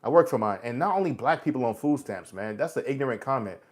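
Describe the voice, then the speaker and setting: A man's voice: medium pitch, animated, quick pace. A man in his forties hosting a casual live chat. He answers viewers' comments bluntly and preaches at them, calling them "bro" and "man" in American street talk. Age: 40s. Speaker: livestream host.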